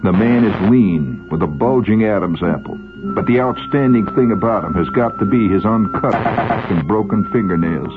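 Low, lively male storyteller; wry first-person narration. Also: moderate pace, phone-quality sound, music in the background.

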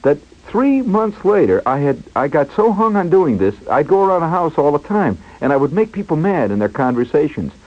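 A man hosting a radio show, telling a personal story in an animated way, chuckling and imitating sounds as he goes. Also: on the high side, normal speed, hardly any pauses, lo-fi sound. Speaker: radio host. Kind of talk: storytelling monologue on air.

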